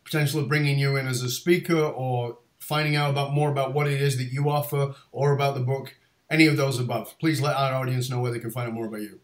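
A man's voice: medium pitch, steady tone, quick pace, echoey room. A man hosting a podcast interview, telling a rambling story full of fillers and restarts. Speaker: podcast host. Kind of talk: casual interview chat.

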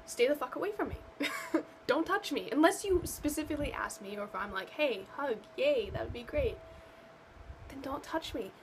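Young woman, vlog rant, sarcastic and exasperated, slightly high voice, faint background hiss. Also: fairly bright tone, rough recording. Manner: exasperated and sarcastic, rambling with many fillers. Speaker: vlogger. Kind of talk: casual rant to camera.

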